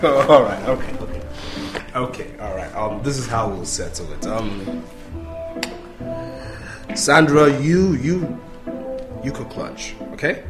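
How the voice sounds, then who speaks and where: A man's voice: mid-range voice, roomy sound, natural voice, low-quality recording. An actor playing a young man caught between two women, speaking in a placating way. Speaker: actor in a film drama.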